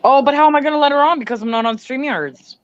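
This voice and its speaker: A woman's voice: high voice, quick pace, highs cut off. A woman with a Canadian accent hosting a livestream in casual chat, giggling often and saying "like" a lot. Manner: giggly, chatty, lots of "like". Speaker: livestream host.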